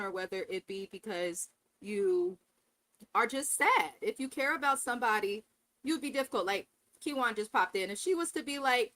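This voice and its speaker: A woman with a bright, tense voice co-hosts a chatty recap show. She speaks candidly and bluntly, with casual swearing. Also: mid-range voice. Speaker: co-host.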